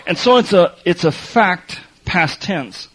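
A man preaching a sermon, telling a lively story with laughs and then reading scripture slowly and quietly. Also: high-pitched, breathy edge, poor audio.

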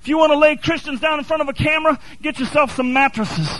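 High-voiced male preacher, dry close mic, impassioned sermon delivery. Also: quick pace, a bit bright, no room sound, rough recording. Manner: impassioned, building to fervent repetition.

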